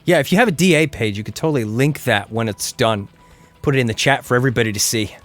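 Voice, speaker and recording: A man chatting casually to his chat while playing an action game, getting loud and excited during fights. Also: medium pitch, quick pace, soft background music. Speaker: game streamer.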